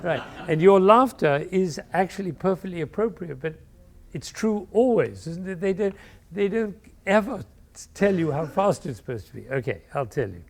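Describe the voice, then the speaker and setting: A man leading a music masterclass, expressive and playful, singing phrases aloud to show how they should go. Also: high voice, normal speed, creaky. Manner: playful asides. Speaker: music teacher leading an interpretation class. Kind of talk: masterclass coaching.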